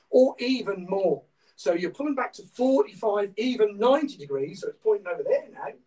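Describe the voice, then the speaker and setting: A man's voice: sits high, distant mic, poor audio. A man with a Norfolk accent teaching an online martial arts class, breaking down punch technique step by step and checking in with "okay?" as he goes. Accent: Norfolk English. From England. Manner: instructive, peppers talk with "okay?"; shouts counts during drills.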